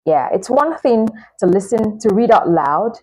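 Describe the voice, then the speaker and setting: A woman's voice: mid-range voice, animated, unhurried, darkish tone, slightly rough, poor audio. A woman teaching English pronunciation in a casual spoken lesson, encouraging and repetitive, often checking in with "all right?".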